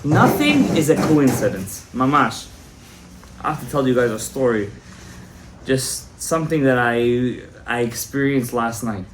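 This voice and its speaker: A male rabbi telling a story in a Torah class, animated and joking, mixing in Hebrew terms. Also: medium pitch, measured pace, noisy background. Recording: echoey room, faint background.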